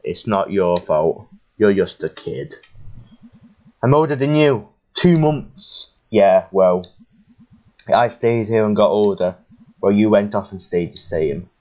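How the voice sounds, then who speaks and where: Casting: a blunt, tired young woman, low and slow and cutting, read by a male gamer, lo-fi audio. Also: animated, warm tone. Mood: resigned.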